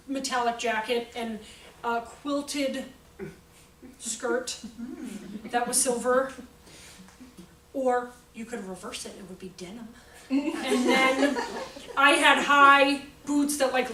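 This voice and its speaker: A woman in her forties gives a lively talk to an audience, joking and acting out what people said. Her voice sits high and comes from a distance in a large echoey hall. A faint noise is heard under her. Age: 40s. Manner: animated, jokey, acts out quotes. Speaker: speaker on child behavior.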